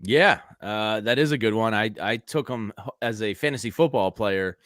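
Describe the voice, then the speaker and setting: A man co-hosting a sports podcast, reading ads in a chatty, energetic way and talking football casually. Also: lowish voice, moderate pace, dry recording, studio quality. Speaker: podcast co-host. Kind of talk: casual sports chat with host-read ads.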